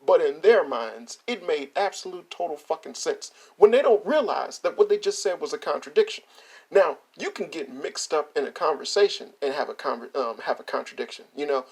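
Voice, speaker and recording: A man hosting a reaction video, ranting in a casual, animated way, swearing and laughing often. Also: a little high, vocal fry, breathy edge.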